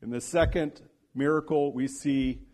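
A man delivers a sermon in a mid-pitched voice, narrating with energy and acting out the quoted lines. At solemn moments he sinks into a hushed, low tone. His tone stays steady and his pace is a little slow.

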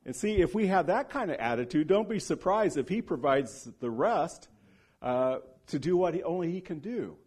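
Man preaching an animated sermon. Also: moderate pace, husky. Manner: animated storyteller who acts out quoted speech; drops to a hushed, low voice for solemn points.

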